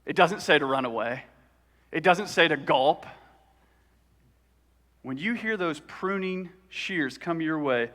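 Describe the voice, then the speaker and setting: A man's voice: high-pitched, bright, forceful tone, big-room sound. A man preaching a sermon in a church, talking conversationally and asking the congregation questions. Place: church sanctuary.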